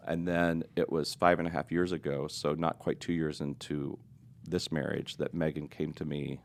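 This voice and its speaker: A man's voice: rumbling low, little pitch movement, moderate pace, vocal fry. A middle-aged man telling his own story in an earnest, confessional and reflective way during a podcast interview.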